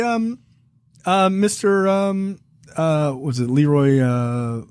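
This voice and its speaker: A man's voice: sits high, steady tone, slow, clear, resonant tone, dry recording. A man co-hosting a film review podcast in loose, profane casual chat, laughing and acting out lines from the show. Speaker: podcast co-host.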